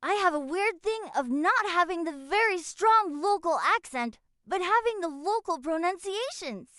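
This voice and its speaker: A synthetic female text-to-speech voice reading out viewer messages with a flat, even machine delivery. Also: extremely high pitch, moderate pace, no room sound, clean studio sound. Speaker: text-to-speech chat reader.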